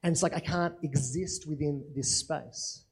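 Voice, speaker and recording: A man's voice: on the high side, unhurried, gravelly, breathy edge. A man preaching a sermon in a conversational way, often asking rhetorical questions and checking in with "right?".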